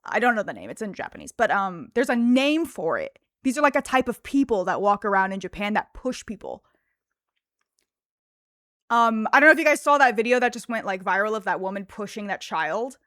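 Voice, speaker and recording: A woman streamer chatting casually and telling an animated story, laughing often and peppering her talk with fillers. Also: mid-range voice, brisk, no echo, studio quality. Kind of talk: casual livestream chat.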